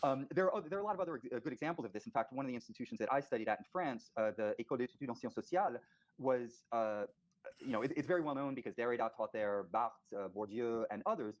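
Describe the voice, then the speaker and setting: A scholar man answering interview questions in a measured academic manner, with frequent "uh" fillers. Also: mid-range voice, animated, muffled recording.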